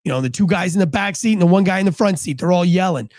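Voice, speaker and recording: A man's voice: sits high, fast talker, darkish tone, no room sound. A man, a former police officer, telling a vivid first-person story and acting out the dialogue in a matter-of-fact way.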